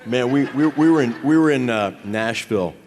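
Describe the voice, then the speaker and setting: A man's voice: medium pitch, moderate pace, a little mellow, long reverb tail, a little hiss or hum. A man on a convention panel stage, telling a comic story full of swearing and stammered restarts. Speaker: actor on a fan convention panel.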